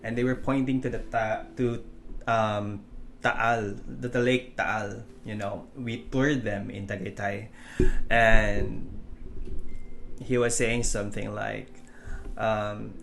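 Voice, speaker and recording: Filipino English-accented male instructor, gravelly, chatty tutorial delivery, faint noise underneath. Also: lowish voice, little pitch movement, slow, fairly bright tone. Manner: chatty, many fillers and restarts. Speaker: online course instructor. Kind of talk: casual tutorial explanation.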